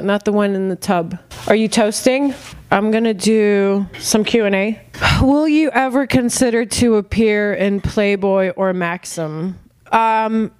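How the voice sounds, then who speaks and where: A young woman hosting a casual podcast chat, reading listener questions aloud and answering bluntly with frequent laughs. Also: mid-range voice. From Arab family. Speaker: podcast host.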